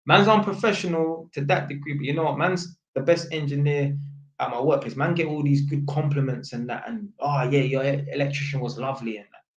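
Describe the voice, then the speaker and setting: A man's voice: a little high, steady tone, a little fast, echoey room, dull audio. Young London man telling a street-slang story. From England. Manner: London street slang, frequent "innit" tags, acts out quoted voices. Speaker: vlogger. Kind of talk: casual storytelling monologue.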